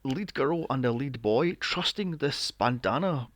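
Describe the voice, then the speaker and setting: A man's voice: mid-range voice, animated, unhurried, no echo, studio quality. A man co-hosting a casual movie podcast, incredulous and swearing freely as he fires off rhetorical questions. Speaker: podcast co-host. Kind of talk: casual film discussion.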